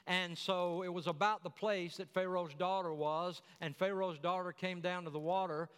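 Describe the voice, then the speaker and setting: A man's voice: high-pitched, steady tone, normal speed, fairly bright tone, clear, resonant tone, big-room sound. A man preaching a sermon, telling the story in a folksy way with chatty asides.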